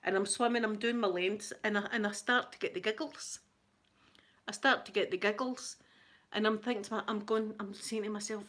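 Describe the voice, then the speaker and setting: A woman's voice: medium pitch, fairly even intonation, moderate pace, sharp tone. Scottish woman, middle-aged, live-stream host. Chatty, gossipy, giggly storyteller, close to the mic. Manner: chatty storyteller, laughs often, greets chat viewers. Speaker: ASMR livestream host. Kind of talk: casual chat to live viewers.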